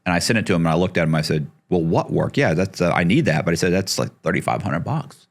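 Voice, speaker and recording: A man's voice: sits low, animated, quick pace, creaky. A middle-aged man telling a story as a podcast guest, acting out the people he quotes and swearing casually.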